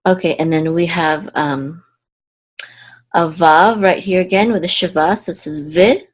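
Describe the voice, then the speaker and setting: A woman teaching a lesson, slowly sounding out syllables and words, casual, with fillers and self-corrections. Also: fairly low pitch. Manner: slow deliberate sounding-out of syllables. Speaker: Hebrew teacher. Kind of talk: patient step-by-step lesson.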